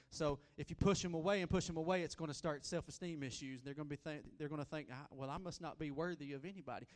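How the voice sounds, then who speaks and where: A man preaching a sermon as a guest preacher, folksy and repetitive, swinging between loud and soft. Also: high voice, big-room sound.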